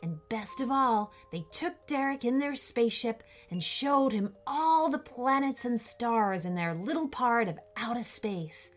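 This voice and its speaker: A woman reading a children's bedtime story slowly and expressively. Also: on the high side, fairly bright tone.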